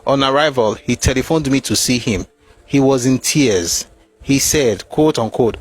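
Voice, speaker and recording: A man's voice: mid-range voice, animated, a little slow, breathy edge, faint music behind. A man reading passages from a war memoir aloud and breaking off with mocking, emphatic asides.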